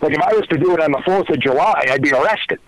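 Regular male guest, quick deadpan talker, dry close mic. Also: a little high, no room sound, poor audio. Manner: deadpan, crude banter. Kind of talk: casual chat.

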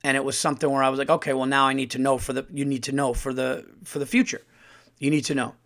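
A man who is a comedian and podcast host, telling stories in a casual, profane monologue that climbs to loud outbursts when he gets heated. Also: medium pitch, quick pace. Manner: animated, profane, rising to shouting when heated.

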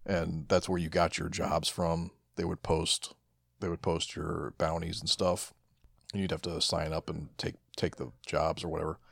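A man with a very low voice co-hosts a podcast, talking excitedly and stumbling over repeated words. He chats loosely and swears now and then. The recording is dry and close. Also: moderate pace, gravelly, no echo. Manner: enthusiastic, stammers and repeats words, swears casually. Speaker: podcast co-host. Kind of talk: casual chat.

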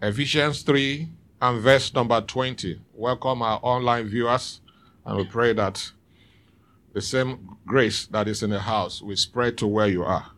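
A man's voice: medium pitch, fairly even intonation, measured pace, fairly bright tone. A man preaching a sermon in church, calling out to the congregation for responses. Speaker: pastor.

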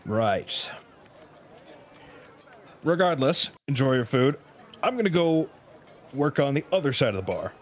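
A man's voice: mid-range voice, sing-song, measured pace, pauses often, a little hiss or hum. Man doing a grumbling tavern keeper. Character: fussy middle-aged tavern keeper man.

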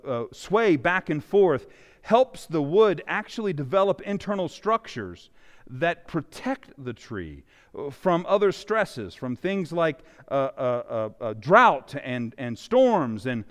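A male pastor preaching a sermon, with animated emphasis that swings loud and soft. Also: fairly high pitch. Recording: long reverb of a large hall.

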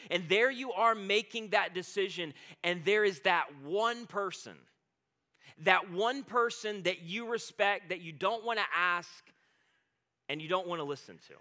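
A man preaching a sermon in an energetic, conversational way, retelling scripture in his own words. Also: high voice. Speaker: pastor.

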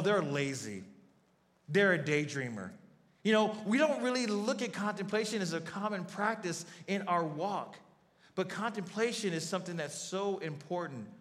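A man's voice: high voice, fairly bright tone. A man with a somewhat raised voice preaches earnestly, and he comes back to his key phrases again and again to drive them home. His words ring out with a long reverb, as if he is in a church sanctuary. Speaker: pastor. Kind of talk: sermon.

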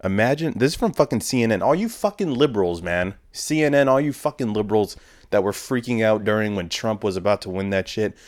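A young man with a low, deep voice rants into his own podcast. He rambles, swears constantly and drips with sarcasm. The sound is dry and close, with no room around it. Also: a little fast, no echo. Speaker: podcast host. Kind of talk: casual comedic rant.

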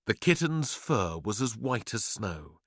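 A man reading a children's story with a playful, theatrical flair. His voice sits a little low but leaps around constantly. The sound is dry and close. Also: sing-song, measured pace, a bit bright, no echo. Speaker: narrator.

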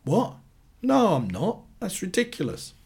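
A man's voice: medium pitch, lively intonation, brisk, a little mellow, breathy edge. A man reading a story aloud, voicing a flustered woman who denies an affair. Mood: defensive. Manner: flustered denials. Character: defensive woman accused of an affair.

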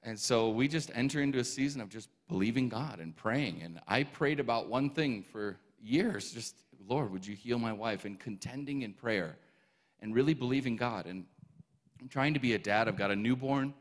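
A man telling a personal faith testimony, animated, acting out quotes and laughing often. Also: mid-range voice, moderate pace.

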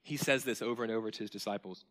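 Impassioned, bright-voiced male preacher. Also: lowish voice, steady tone, rapid-fire. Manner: impassioned, swings from loud emphasis to near-whispers; earnest, emotional, admits crying mid-sermon. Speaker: pastor. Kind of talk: sermon. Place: church sanctuary.

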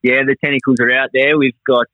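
A man's voice: mid-range voice, flat delivery, fast, no room sound, phone-quality sound. An Australian man in his forties, a laid-back self-deprecating podcast guest. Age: 40s.

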